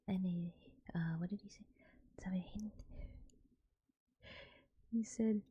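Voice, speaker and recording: A woman, softly whispering as a streamer telling a story in ASMR style, rambling with restarts. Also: mid-range voice, steady tone, takes it slowly, pauses often, slightly rough, dry recording.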